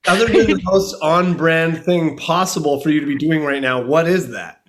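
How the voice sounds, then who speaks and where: Wry higher-voiced male podcast host. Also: moderate pace. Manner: wry, incredulous banter. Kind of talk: casual podcast chat.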